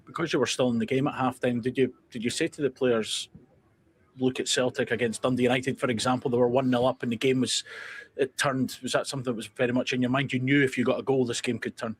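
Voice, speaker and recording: A man's voice: mid-range voice, fairly even intonation, quick pace, slightly rough. A male journalist asking a long, rambling question at a press conference.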